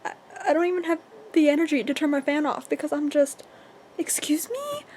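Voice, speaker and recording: A young woman chatting in a casual reading vlog at home, excitable and chatty, swearing casually. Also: sits high, fast talker, a little hiss or hum. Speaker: book vlogger. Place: at home, indoors.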